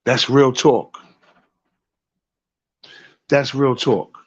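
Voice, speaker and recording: A man's voice: medium pitch, fairly even intonation, very slow, breathy edge, highs cut off. A man with a New York accent telling a rambling story in casual talk, often repeating "you know what I'm saying.". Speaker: show host.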